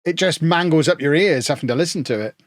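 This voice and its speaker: A man from England chats his way through a football management game on a live stream, joking and answering his viewers. His voice sits a bit high for a man. The sound is dry and close. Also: fast talker, dry recording. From Peterborough, England. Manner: chatty, joking, answering chat. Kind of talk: casual live-stream chat.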